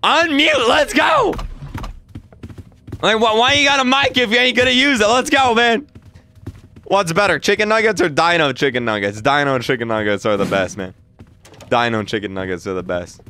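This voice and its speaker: A man's voice: fairly high pitch, fairly quick, bright, forceful tone, slight background noise. A young man streaming a game live, joking around and laughing at his own pranks. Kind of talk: live-streamed gameplay chat.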